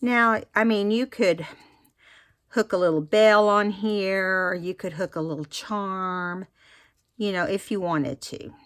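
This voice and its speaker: A woman's voice: mid-range voice, slow pace, fairly bright tone, clean tone, no echo, clean studio sound. A woman giving a casual craft tutorial, chatty and explaining each step with fillers and restarts. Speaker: craft instructor.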